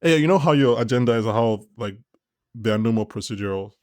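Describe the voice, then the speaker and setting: A man's voice: mid-range voice, expressive, a little fast, darkish tone, no echo, clean studio sound. A man co-hosting a podcast in casual chat, rambling and often restarting his sentences. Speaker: podcast co-host.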